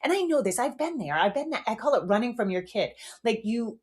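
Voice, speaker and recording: A woman's voice: a little high, very animated, brisk. A middle-aged woman hosting her own podcast, talking frankly and casually with the odd swear word. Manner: frank and chatty, a swear here and there. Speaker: podcast host. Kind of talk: casual solo podcast talk.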